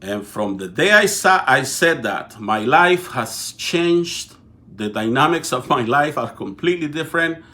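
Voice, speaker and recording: Middle-aged male host, Mexican Spanish accent, sharp bright voice, casual talk straight to camera with frequent restarts. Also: mid-range voice, animated, measured pace. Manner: talkative, repeats and restarts words, addresses viewers directly. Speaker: political show host. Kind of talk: casual live-stream talk.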